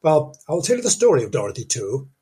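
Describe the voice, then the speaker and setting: A man's voice: on the high side, very animated, quick pace, mellow, slightly rough. A man hosting a casual solo podcast, rambling and jokey, repeating himself and chuckling at his own asides. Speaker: podcast host.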